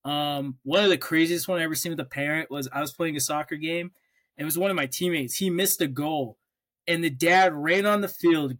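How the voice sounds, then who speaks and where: A man's voice: a little high, a bit bright, no echo. A young man from Oklahoma co-hosting a podcast, telling stories in casual chat and swearing freely. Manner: storytelling, swears freely, restarts often. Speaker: podcast co-host.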